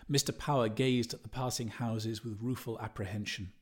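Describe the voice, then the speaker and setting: A man narrating a literary audiobook in a measured, even reading voice. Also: medium pitch, husky.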